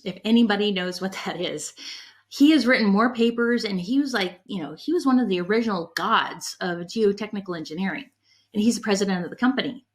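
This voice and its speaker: A middle-aged woman giving a conference talk on leadership, an animated storyteller who is candid and emotional about her past. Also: medium pitch. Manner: animated storyteller, acts out quoted people in her anecdotes. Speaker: conference breakout speaker on leadership.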